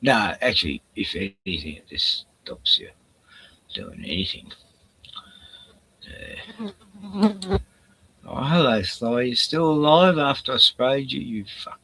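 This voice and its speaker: A man's voice: medium pitch, sing-song, slow pace, creaky, pauses often, pushed and bright. An older man rambling casually on his livestream, profane and chuckling as he talks to his chat. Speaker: livestream host.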